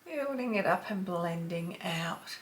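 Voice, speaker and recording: An Australian woman in her fifties chatting through a makeup tutorial, sometimes dropping to a soft whisper while she blends. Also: fairly low pitch, lively intonation, slow pace, slight background noise. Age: 50s. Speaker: beauty vlogger.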